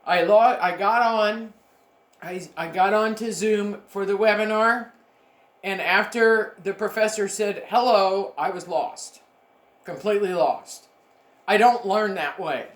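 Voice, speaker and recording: A middle-aged woman records a lecture for her university students. She talks to them directly and emphatically, coming back to her key points, at a mid pitch. The room around her sounds echoey. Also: takes it slowly. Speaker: university education instructor.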